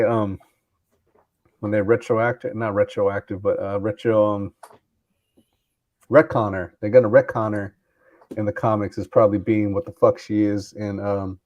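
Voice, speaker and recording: A man with a low, mellow voice chats loosely on a podcast, swearing often and stumbling as he hunts for words. His sound comes through dull and muffled, like a lo-fi mic. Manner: profane, rambling, searching for words. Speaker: podcast co-host. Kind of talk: casual chat.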